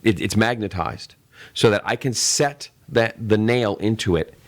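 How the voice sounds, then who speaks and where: A man's voice: on the low side, a little slow. A middle-aged man co-hosting a casual tech podcast, rambling as he explains with acted-out sales examples. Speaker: tech show co-host.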